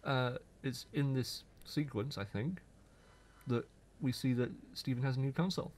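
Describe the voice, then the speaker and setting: In a casual podcast chat, a young male co-host speaks at normal speed in a mid-range voice. He's animated, pokes fun at his co-host, and knows a lot about games.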